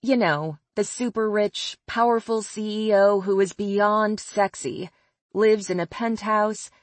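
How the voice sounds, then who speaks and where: A woman's voice: mid-range voice, fairly even intonation, takes it slowly, no room sound. A woman narrating a first-person novel as an audiobook, with a wry, sardonic delivery.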